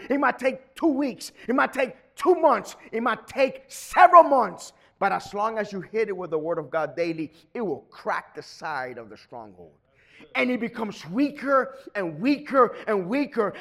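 A middle-aged man delivers a sermon in a fairly high voice. He moves between calm, steady explanation and sudden loud, shouted bursts of preaching. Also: gravelly. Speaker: pastor.

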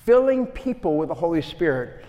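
A man preaching a sermon, telling a story and acting out the voices, swinging from loud to hushed. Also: a little high, moderate pace. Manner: animated, acts out quotes, swings from loud to hushed. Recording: long hall reverb.

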